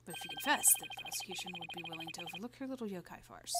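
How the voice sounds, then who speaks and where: A woman voicing a smug, scheming male prosecutor who taunts in a silky, hushed way. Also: on the low side, animated, rapid-fire, very noisy. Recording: loud game music underneath. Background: game music.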